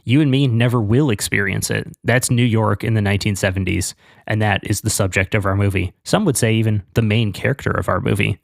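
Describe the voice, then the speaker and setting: Low gravelly guy rambling on a podcast, dry close mic. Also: steady tone, a little fast, dry recording. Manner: enthusiastic, rambling with fillers. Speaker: podcast co-host. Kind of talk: casual chat.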